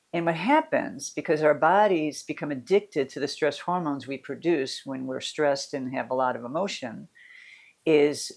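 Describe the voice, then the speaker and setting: A middle-aged woman, a mental fitness coach, talking candidly and casually about her feelings, rambling with restarts and soft laughs. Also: low voice, vocal fry. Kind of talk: casual personal talk.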